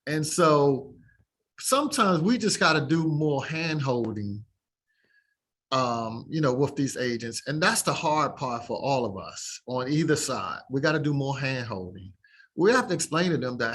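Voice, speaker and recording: A man's voice: fairly high pitch, lively intonation, normal speed, fairly bright tone, slightly rough. A man who works as a mortgage lender, talking casually and plainly to real estate agents, now and then laughing. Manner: chatty, laughing, plain-spoken.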